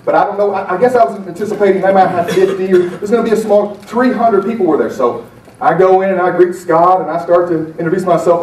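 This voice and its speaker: Middle-aged man, storytelling speaker, higher voice, animated and self-mocking, booming hall, distant mic. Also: slight background noise. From Alabama. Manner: animated, self-deprecating, acts out quoted voices. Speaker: motivational speaker. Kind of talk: storytelling keynote talk. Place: conference breakout room.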